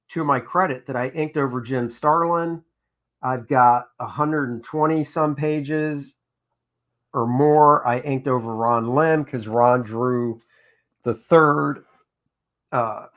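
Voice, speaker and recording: An older man spins a long, casual anecdote while he draws on a live stream. He talks in a chatty, rambling way, stops to read viewers' comments aloud, and his voice sits at a middle pitch. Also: fairly bright tone. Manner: chatty anecdotal storyteller, reads out chat comments. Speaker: comic book inker hosting a drawing stream.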